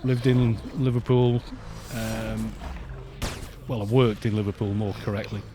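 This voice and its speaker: A middle-aged man from Wales with a mixed, softened Welsh accent, chatting casually on a gaming live stream, laughing often and grumbling at other players. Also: on the low side, level tone, a little slow, background noise. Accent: mixed British with softened Welsh. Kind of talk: casual live-stream chat while playing.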